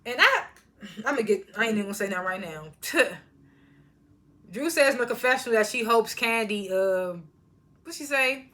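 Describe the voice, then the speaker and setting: Woman recapper with AAVE speech, casual and animated, bright tone. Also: on the high side, normal speed, long pauses. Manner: laughs often, animated retellings of quotes. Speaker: reality TV recapper.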